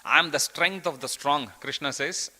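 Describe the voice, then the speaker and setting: A man's voice: fairly high pitch, normal speed, sharp tone, low-quality recording. A man giving an earnest devotional scripture class, telling a story and quoting verses.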